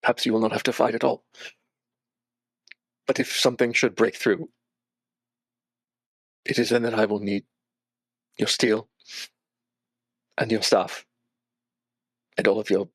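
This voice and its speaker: A young man narrating as game master, measured and earnest, with small hesitations. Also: on the low side, steady tone, husky, no echo.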